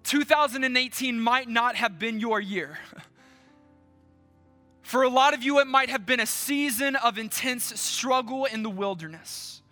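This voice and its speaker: A male pastor preaching a sermon to his church, slow and emphatic, with dramatic pauses. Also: very high voice, sharp tone, faint music behind.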